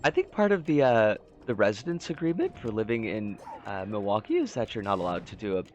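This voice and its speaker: A man's voice: very animated, brisk, lo-fi sound. A man streaming a game, chatting in a rambling, jokey way. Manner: rambling, jokey, swoops in pitch. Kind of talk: casual game-stream chat.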